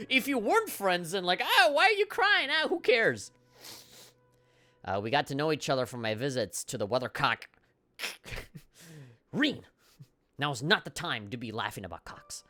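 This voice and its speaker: A man streaming a game live, reacting in an excitable, profane way and reading the on-screen dialogue aloud. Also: mid-range voice. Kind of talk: casual live gameplay commentary.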